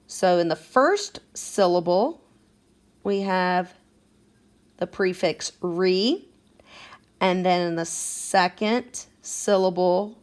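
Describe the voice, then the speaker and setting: A woman teaching a second grade phonics lesson, patient and encouraging as she sounds out words for children. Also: lowish voice.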